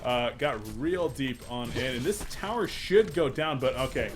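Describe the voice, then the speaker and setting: A man casting a live esports match, excitable and jokey, quick to laugh at his own puns. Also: mid-range voice, faint music behind. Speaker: esports caster. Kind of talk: live game commentary.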